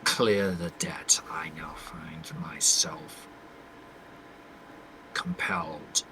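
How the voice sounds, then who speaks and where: A man's voice: very deep voice, fairly even intonation, drawn-out words, noisy background, voice pushed down, exaggerated voice. A man voicing a trembling winged man who barely holds back his rage, in a shaky, menacing whisper, as whispered role-play. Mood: grim.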